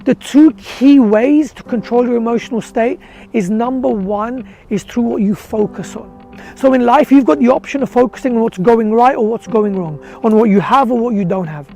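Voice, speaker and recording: Male motivational speaker, very high voice with gravelly fry, earnest rhetorical delivery. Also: normal speed, a little mellow, faint music behind. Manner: rhetorical questions, earnest and direct. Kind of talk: motivational talk with storytelling.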